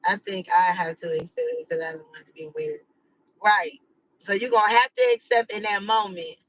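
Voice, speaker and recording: Bright-voiced woman chatting to viewers. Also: mid-range voice, brisk, rough recording. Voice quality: slangy, rambling, full of "like" and "you know". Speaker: channel host. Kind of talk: casual chat to live viewers.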